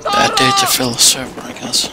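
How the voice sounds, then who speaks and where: A man's voice: mid-range voice, moderate pace, very noisy. A man from Denmark in casual gaming chat, joking and laughing often. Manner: giggly, animated and joking. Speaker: gameplay commentator. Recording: loud gunfire behind voice.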